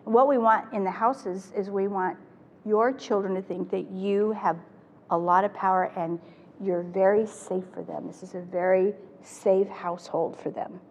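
An older woman presenting a parenting workshop to a live audience, talking in an animated way and acting out the phrases she quotes. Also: mid-range voice, moderate pace. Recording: echoey hall with faint noise.

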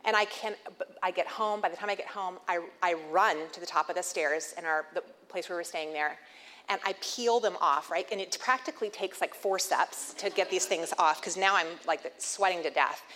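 Speaking at a moderate pace, this woman has a lowish, pushed and bright voice. She's in her thirties, addressing an audience with a funny, inspirational talk full of candid stories at her own expense. Long hall reverb and faint noise color the recording.

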